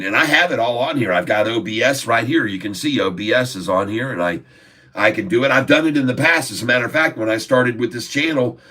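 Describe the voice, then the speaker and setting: A man's voice: lowish voice, fairly bright tone, distant mic. A man hosting a casual livestream from his phone, jokey and rambling, laughing often. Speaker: livestream host.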